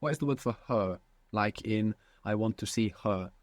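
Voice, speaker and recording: Male teacher, low-pitched, patient questioning, dry close sound. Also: moderate pace, no room sound. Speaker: language teacher. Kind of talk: guided language lesson.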